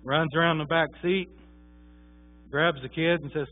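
A man's voice: fairly high pitch, normal speed, pauses often. A man preaching a sermon, telling a story in a folksy, conversational way with many fillers. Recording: tinny phone-like sound.

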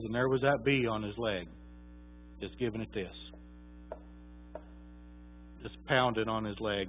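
A man preaching a sermon, telling a story in a folksy, conversational way with many fillers. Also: medium pitch. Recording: tinny phone-like sound.

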